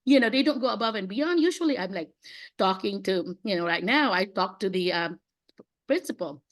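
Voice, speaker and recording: A woman in her late fifties talks over a video call as an education coach, chatty and full of laughter. Her pitch sits in the middle range. She fills her talk with little acted-out exchanges and loose fillers. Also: lively intonation, normal speed. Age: 50s. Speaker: education coach running mock interviews.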